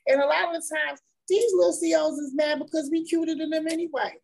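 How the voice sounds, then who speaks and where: A woman's voice: high-pitched, fairly even intonation, quick pace, creaky, slight background noise, rough recording. A woman speaking candidly and emphatically as the wife of an incarcerated man, repeating words and laughing as she talks. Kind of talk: candid conversational testimony.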